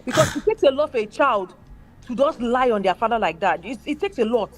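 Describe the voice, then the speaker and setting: A woman's voice: fairly high pitch, expressive, a little fast. A woman speaking emphatically in casual chat, mimicking other people's voices as she makes her points. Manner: emphatic, acts out quoted people.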